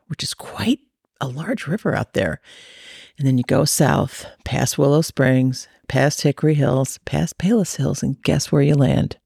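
Woman, gravelly voice, teasing co-host, dry sound. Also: a bass voice, darkish tone, no room sound. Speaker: podcast co-host. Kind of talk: casual banter and storytelling.

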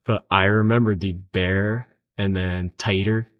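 A man's voice: low voice, fairly even intonation, a little slow, phone-quality sound. Laid-back young man telling stories. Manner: laid-back storytelling, says "dude" often. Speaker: podcast host. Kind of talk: casual chat.

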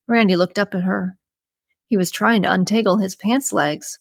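A woman narrating a novel in a steady, even storytelling voice at a middle pitch. She sits close to the mic, and the sound is dry, with no room around it. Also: normal speed, vocal fry, no echo. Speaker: audiobook narrator. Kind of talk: scripted narration.

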